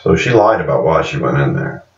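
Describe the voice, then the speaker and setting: A man's voice: a bass voice, animated, fairly quick, gravelly. A man reviewing a TV series in a casual, rambling recap, stopping now and then to correct himself on character names. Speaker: show reviewer. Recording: echoey, dull-sounding room from a distance.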